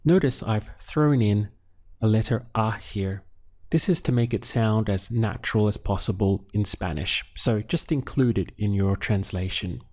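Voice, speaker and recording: A man teaching a language lesson, calmly prompting the listener and pausing for their answers. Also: lowish voice. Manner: slow, patient prompting with pauses for answers. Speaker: Spanish teacher.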